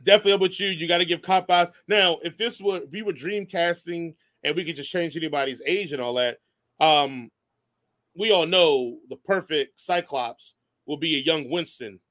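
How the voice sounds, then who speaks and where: A man co-hosting a podcast in casual chat, animated and laughing often. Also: on the high side, moderate pace. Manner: animated, laughs often, breaks into silly voices. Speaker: podcast co-host.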